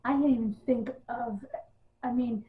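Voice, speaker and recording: Woman, higher voice, casual sarcastic rant, lots of ums, thin phone-like sound. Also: fairly even intonation, unhurried. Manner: exasperated, sarcastic, many ums. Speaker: wrestling news vlogger. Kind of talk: casual ranting monologue. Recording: tinny phone-like audio.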